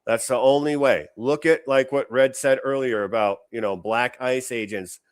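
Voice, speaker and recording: A man's voice: medium pitch, steady tone, moderate pace, clear, resonant tone. Sarcastic man hosting commentary. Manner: sarcastic, indignant. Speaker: show host. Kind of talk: political commentary stream.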